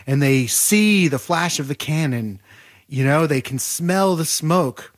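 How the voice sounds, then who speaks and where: Man telling history with animated detail. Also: on the high side, slow pace. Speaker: author guest. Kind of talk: podcast interview.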